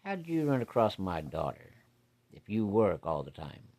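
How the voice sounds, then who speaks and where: A man telling a story voices a stern, protective older father grilling a young suitor, in a gruff, interrogating manner. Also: lowish voice, very animated, moderate pace, mellow.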